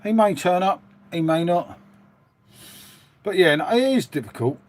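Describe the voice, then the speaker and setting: Brief: matey man, middle-aged, a bit higher voice, rambling live-stream chat. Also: lively intonation, unhurried. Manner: chatty, rambling, matey, reading out viewer comments. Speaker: livestream host.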